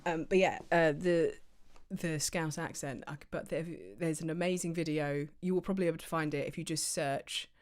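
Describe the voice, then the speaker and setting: Low voiced woman chatting on her stream, lots of ums and tangents. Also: fairly even intonation, brisk. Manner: rambling, chatty, full of fillers and tangents. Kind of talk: casual livestream chat. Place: home office.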